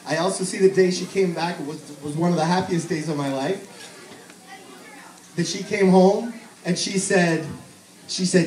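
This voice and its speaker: A man's voice: fairly high pitch, moderate pace, darkish tone. Fond father toasting in an echoey hall. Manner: fond, joking storyteller. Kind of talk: speech at a family celebration. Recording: echoey hall, mic heard from far, crowd behind.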